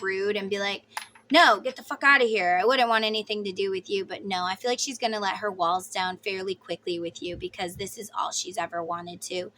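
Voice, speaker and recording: A woman's voice: mid-range voice, pushed and bright, a little hiss or hum. A woman giving a casual tarot reading to her viewers, chatty and emphatic, sometimes blunt and swearing. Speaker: tarot reader.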